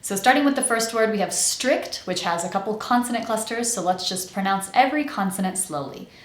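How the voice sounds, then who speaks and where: A woman's voice: mid-range voice, expressive, a little fast, roomy sound. An American woman in the role of an accent coach, giving a pronunciation lesson and carefully articulating each sound.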